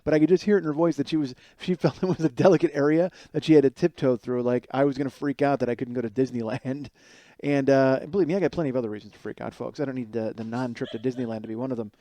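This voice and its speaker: A man's voice: medium pitch, steady tone, fast, mellow, dry recording. A man in his forties hosting a comedy podcast from a friend's kitchen late at night, rambling and profane, often mocking others in put-on voices. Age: 40s. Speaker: podcast host. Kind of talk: casual comedic monologue.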